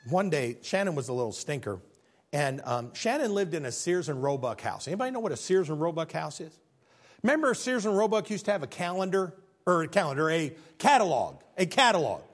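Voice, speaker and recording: A man preaching a sermon in church, telling stories with big swings from loud excitement to hushed earnestness. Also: on the high side, a little fast.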